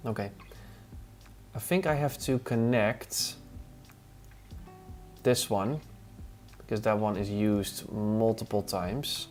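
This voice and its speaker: A man on a casual live stream, thinking aloud as he works and answering viewers' questions between tasks. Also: lowish voice. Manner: muttering to himself, answering chat between tasks. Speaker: live streamer testing design software. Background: relaxed music playlist.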